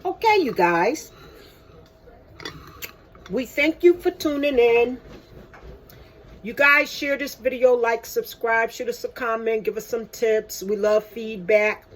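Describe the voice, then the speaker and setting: An older woman hosting a casual home vlog, chatting slowly and calling her viewers "you guys". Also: fairly high pitch, low-quality recording. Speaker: host.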